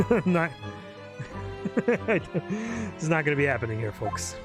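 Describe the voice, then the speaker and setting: A man's voice: a little high, very animated, takes it slowly. A man streaming a game, chatting in a joking, crude, self-mocking way. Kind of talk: casual gameplay commentary. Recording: game music loud behind.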